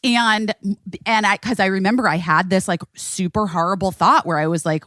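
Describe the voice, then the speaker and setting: Animated woman host telling a story. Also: mid-range voice, moderate pace, few pauses, no room sound, studio quality. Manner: animated, swearing, acts out quotes. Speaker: podcast host. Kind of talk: casual storytelling chat.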